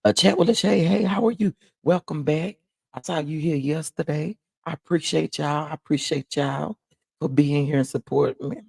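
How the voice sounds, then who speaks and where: A man from Texas with a Southern accent, hosting a casual morning livestream, chatting and reading viewer comments with lively, laughing exclamations. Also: normal speed, creaky, slightly rough, dry recording, clean studio sound. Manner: animated, laughing, jumps into high exclamations. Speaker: livestream host.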